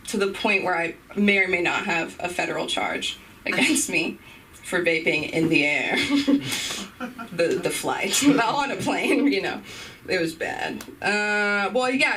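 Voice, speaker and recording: A young woman doing a rambling stand-up set on a club stage, breaking off into loud impressions. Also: lowish voice, distant mic, a little hiss or hum, low-quality recording. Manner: rambling, self-interrupting, bursts into shouted impressions. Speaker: stand-up comedian.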